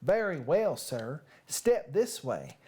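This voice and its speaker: A woman's voice: deep voice, big pitch swings, slow pace, a little mellow, slightly rough, voice pushed down, full character voice. A woman voicing a pushy male fox who sets tongue twisters, in a put-on Southern US accent and a coaxing sing-song.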